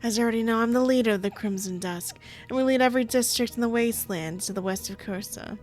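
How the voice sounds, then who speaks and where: A woman's voice: a little high, fast, darkish tone, faint music behind, close to an everyday voice. A woman reading as a cold, clipped gang boss woman. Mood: haughty. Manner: short, clipped, threatening.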